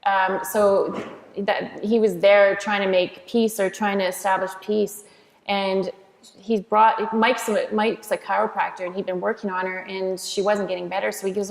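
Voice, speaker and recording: Gravelly-voiced woman testifying in an echoing hall. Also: medium pitch, little pitch movement, normal speed. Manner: earnest, emphatic, frequent restarts. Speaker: author and interview guest. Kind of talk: heartfelt faith testimony in conversation. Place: church. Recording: echoey hall reverb.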